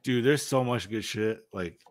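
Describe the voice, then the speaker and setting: A man's voice: fairly low pitch, a little slow, dry recording. A man in a casual podcast chat, telling a story with lots of swearing and "dude", acting out the characters' lines. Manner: animated storyteller, swears a lot, says dude. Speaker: podcast co-host.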